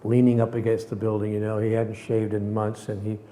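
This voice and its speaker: A man, a spiritual teacher, telling personal stories in an animated way, acting out the people in them and sometimes dropping to a whisper. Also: fairly low pitch, a little fast, a little hiss or hum. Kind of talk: storytelling talk.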